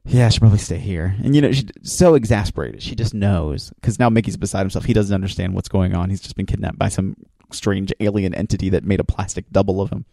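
A man with a somewhat low, warm, relaxed voice eagerly recaps a TV episode like a podcast host. He rambles, restarts his sentences and leans into the story. The sound is dry and close, with no room around it. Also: fast talker, gravelly, no echo. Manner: enthusiastic storyteller, acts out quoted lines.

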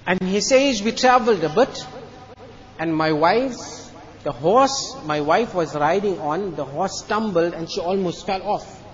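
A man delivers a Friday sermon in a mosque with an earnest, repetitive manner. His voice sits high. The recording is dull and lo-fi. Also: a little slow. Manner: earnest, repeats phrases, tells a joke story. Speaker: mufti giving Friday lecture.

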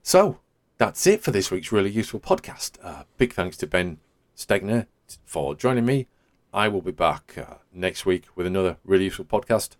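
Man, podcast host, deep voice, casual, hesitant, rambling. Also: sing-song, normal speed. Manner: rambling, hesitant, full of "sort of" hedges. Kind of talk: casual chat.

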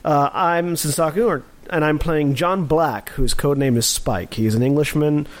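A man introducing his tabletop character in a casual, halting way, full of fillers, restarts and jokes. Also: fairly high pitch. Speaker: tabletop game player.

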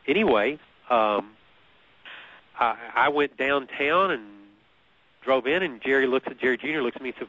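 A man telling a personal story in an easy conversational way. He is animated, often repeats words and laughs at his own story. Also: medium pitch, normal speed. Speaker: guest. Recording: muffled lo-fi radio recording.

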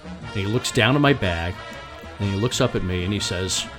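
A man's voice: lowish voice, music in the background. A middle-aged man telling a personal story, often stumbling and repeating words as he goes. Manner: halting, repeats and restarts words.

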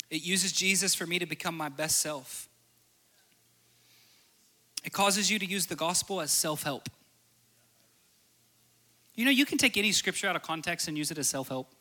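A man's voice: a little high, moderate pace, long pauses, sharp tone. A man preaching a sermon with stories, earnest and repeating phrases for emphasis. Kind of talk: sermon with storytelling.

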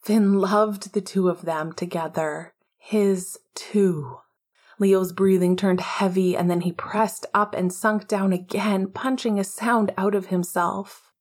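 A woman narrating an audiobook in a hushed, intimate way, often half-whispering. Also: mid-range voice, fairly even intonation, slow.

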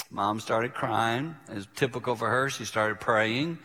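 An older man, a preacher, telling a personal story in a sermon and acting out the voices in it, sometimes dropping to a hush. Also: lowish voice, moderate pace, hardly any pauses. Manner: vivid storyteller who acts out quoted voices. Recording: reverberant hall.

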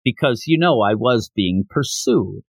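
A man's voice: medium pitch, animated, unhurried, gravelly, breathy edge, no room sound, studio quality, pitched below the performer's own voice, exaggerated voice. A man voicing a sweet, naive young woman. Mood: innocent. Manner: innocent, sweet.

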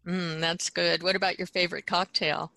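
A woman co-hosts a relaxed chat, with plenty of fillers and easy laughter. Her voice is bright and forward and sits a little low. She keeps an unhurried, friendly rhythm. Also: creaky, no room sound, rough recording. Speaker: co-host. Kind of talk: casual chat.

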